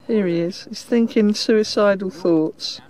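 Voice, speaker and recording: A woman's voice: mid-range voice, measured pace, dark tone, no echo. A woman filming a casual travel vlog with a handheld camera, teasing her companion with dry humor. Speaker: vlogger. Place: in a car, then a desert cabin.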